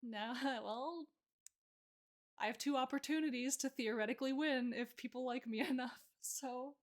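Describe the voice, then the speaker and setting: Chatty giggling woman streamer, fairly high voice. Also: moderate pace. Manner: chatty, giggly, lots of fillers. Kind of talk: casual live-stream chat.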